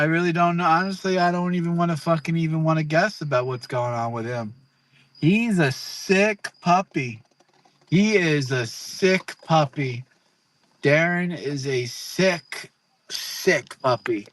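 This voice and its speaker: A man in a played clip giving a crude, profane, rambling rant, repeating himself and stumbling over words. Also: fairly high pitch.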